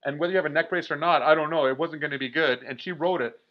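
A middle-aged Canadian man with a Canadian accent, a podcast guest telling an excited story and acting out voices as he goes. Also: on the high side, very fast, dull audio. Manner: energetic, animated, acts out voices in his stories.

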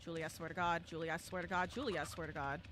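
A young woman streaming a horror game live, chatting to viewers and bursting into shouts and squeals. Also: on the low side, fairly even intonation, very fast, noisy background. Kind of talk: live gameplay commentary.

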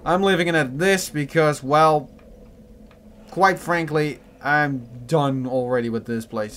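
A man talks through a game playthrough in a voice pitched a little high, his accent drifting between American and British. He yelps and shouts in alarm, then drops to wry, muttered asides. A faint hiss of ambient noise sits under him. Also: unhurried. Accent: mix of American and British. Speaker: gaming commentator.

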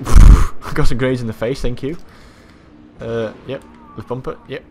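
A young man commentating his own gameplay, swearing freely, yelling at other players and boasting in jest. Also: medium pitch, fairly even intonation, normal speed, heavy background noise. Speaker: gaming channel host.

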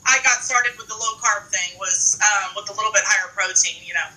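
A woman's voice: medium pitch, steady tone, a little fast, sharp tone, recorded from a distance, rough recording. A woman guest telling a story in a chatty, easygoing way. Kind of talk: casual chat.

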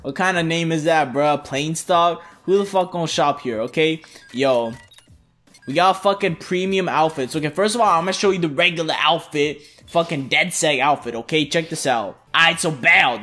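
Excitable young man cursing through gameplay. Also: fairly high pitch. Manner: excitable, heavy swearing and slang. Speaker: gameplay commentator. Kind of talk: casual let's-play commentary.

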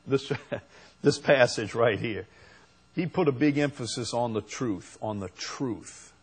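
A man preaching a sermon as pastor, slow and unhurried, rising to emphatic peaks. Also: medium pitch, husky.

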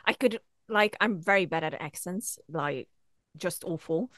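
A woman whose first language is Hungarian, hosting a podcast in easy casual chat, frank and quick to laugh. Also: fairly low pitch, dry recording. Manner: laughs often, lively and frank. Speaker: podcast host.

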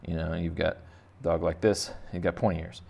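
A man's voice: deep voice, little pitch movement, brisk, vocal fry, darkish tone. A man teaching kids to draw in a casual, rambling, jokey way, thinking aloud as he sketches. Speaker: art teacher. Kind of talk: casual drawing lesson for kids.

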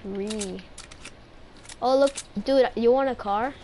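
A woman chatting casually while playing an online game with a teammate, excitable and often pleading or shouting. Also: on the high side, slow. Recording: noisy game audio behind.

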